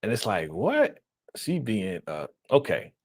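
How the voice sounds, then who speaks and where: A man hosting a casual live-stream reaction, animated and laughing, acting out quotes in a raised voice. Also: fairly low pitch, measured pace, dry recording, clean studio sound.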